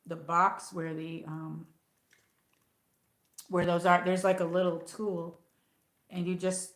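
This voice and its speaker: A middle-aged American woman chatting casually on her livestream, rambling and reading viewer comments aloud. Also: lowish voice. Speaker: livestream host. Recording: echoey room.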